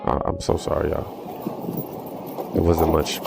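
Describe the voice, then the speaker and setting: A man's voice: a bass voice, flat delivery, takes it slowly, creaky, loud music behind the voice. A man hosting a reaction commentary, with sarcastic remarks between clips. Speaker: commentary host.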